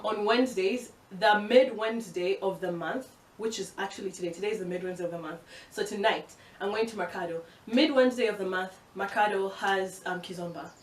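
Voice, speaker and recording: A young woman from Uganda chatting fast and excitedly in a casual vlog, given to exasperated, swearing rants. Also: medium pitch, distant mic. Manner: fast, excitable talker who speeds up. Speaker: vlogger. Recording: roomy, from the mic.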